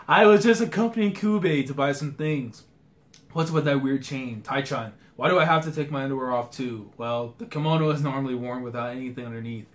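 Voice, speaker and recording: A man's voice: fairly high pitch, fairly quick. A young man reading a manga aloud for a live reaction video, breaking off into slangy asides. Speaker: anime and manga reaction youtuber.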